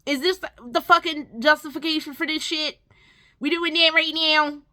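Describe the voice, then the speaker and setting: A woman's voice: sits high, steady tone, moderate pace, pushed and bright. A woman gaming vlogger ranting casually and profanely, exasperated, breaking into mocking whiny impressions.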